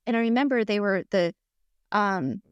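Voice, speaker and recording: Animated middle-aged woman telling a story. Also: medium pitch, moderate pace, clean tone, dry recording, muffled recording. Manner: animated and chatty, many fillers and restarts. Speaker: guest. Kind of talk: casual storytelling in conversation.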